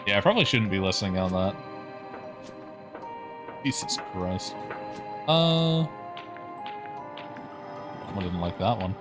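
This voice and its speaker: Male streamer from Canada, low and animated, wry narration over music. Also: slow pace, long pauses. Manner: dry, wry, swears casually. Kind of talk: reading game text aloud on a livestream.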